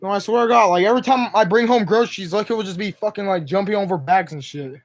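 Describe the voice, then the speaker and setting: A man's voice: high voice, fast. A young man live streaming from home on his phone, chatting to his cat in slangy, profane speech. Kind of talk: casual live stream chat.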